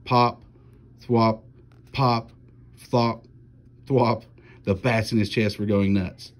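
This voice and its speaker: Male teacher, storybook read-aloud, low-set voice, steady narration. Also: slow pace, long pauses.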